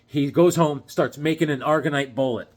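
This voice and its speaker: Animated man recapping comics. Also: on the high side, normal speed. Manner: animated storytelling, acting out characters; frequent fillers and restarts. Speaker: comic book reviewer. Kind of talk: casual comic book recap.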